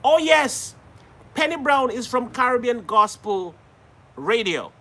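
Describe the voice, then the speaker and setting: A man's voice: extremely high pitch, big pitch swings, takes it slowly, a bit bright. A man from Jamaica hosting a live stream, chatting casually and greeting viewers by name, laughing often.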